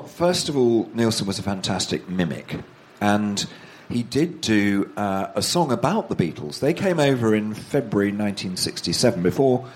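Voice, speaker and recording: With a fairly low pitch and a slightly mellow tone, this man is an author appearing as a guest in a conversational interview. He spins lengthy anecdotes, performs the voices of the people he quotes, and laughs at his own tales.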